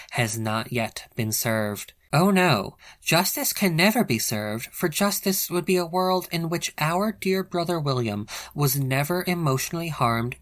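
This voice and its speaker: A man's voice: mid-range voice, a bit bright, close to an everyday voice. A man voicing Genevieve, a stately wolf leader. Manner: grand, solemn speech-making. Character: female wolf pack leader, stern and commanding.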